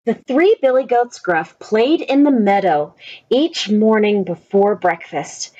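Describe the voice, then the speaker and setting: Slow breathy woman reading a children's story. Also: mid-range voice, animated, lo-fi sound. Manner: slow, gentle, asks children questions. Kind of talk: children's story read-aloud. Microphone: own camera.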